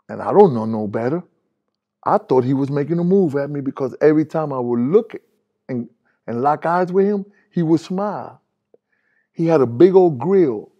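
Gravelly-voiced man giving testimony. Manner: candid, plainspoken, with street phrasing; animated, rising high when retelling dialogue. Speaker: preacher giving his testimony. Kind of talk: spoken testimony.

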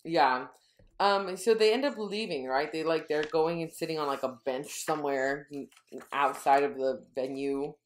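Low-voiced woman recapping a book. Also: normal speed. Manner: retells scenes, quoting dialogue in a low murmur. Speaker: podcast co-host. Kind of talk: casual book-recap chat.

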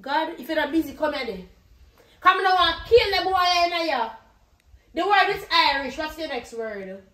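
A woman's voice: high-pitched, animated, moderate pace, fairly bright tone. Woman playing a bossy Jamaican grandma. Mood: scolding. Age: older. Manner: scolding, blunt patois. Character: stern bossy grandmother teaching her grandson words. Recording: roomy echo.

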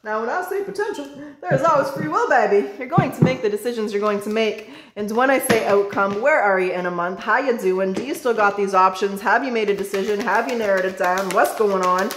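A woman's voice: medium pitch, fairly quick, few pauses, a crowd in the background. A woman giving a casual tarot reading, chatty, calling the viewer baby and swearing now and then. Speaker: tarot reader. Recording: roomy echo.

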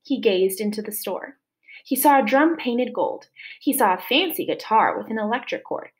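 A woman's voice: fairly high pitch, animated, normal speed. A woman teacher reading a chapter book aloud to children. She reads expressively and stops now and then to comment for her listeners.

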